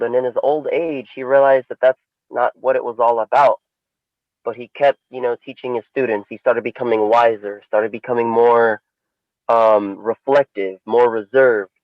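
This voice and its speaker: A man co-hosting a podcast, telling a story in a casual, animated way. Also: no echo, highs cut off. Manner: animated storyteller, swings pitch for emphasis. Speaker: podcast co-host.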